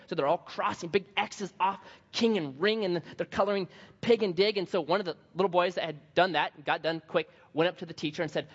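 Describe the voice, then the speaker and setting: A man's voice: a little high, fast, husky. A man preaching a sermon as pastor, telling funny stories and repeating lines for emphasis. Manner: animated, humorous storytelling with emphatic repetition. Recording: dull sound, long hall reverb.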